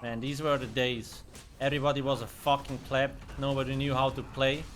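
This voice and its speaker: A man's voice: medium pitch, level tone, a little fast, background noise. A man streaming a video game, chatting casually in a blunt, profane and joking way. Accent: German. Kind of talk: casual live-stream commentary.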